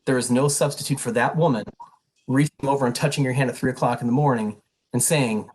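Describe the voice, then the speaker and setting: A middle-aged man with a slightly husky, breathy voice addresses prospective students at an info session. He talks in an earnest, emphatic and direct way, at a mid pitch. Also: fairly even intonation, fast, a little mellow, low-quality recording. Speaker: pre-health program advisor and instructor.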